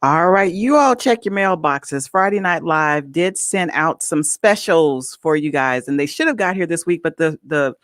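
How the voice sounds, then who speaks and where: A woman hosting a live online show, talking excitedly and straight to her viewers. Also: low voice, moderate pace, hardly any pauses, no echo, studio quality. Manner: effusive, talks straight to viewers.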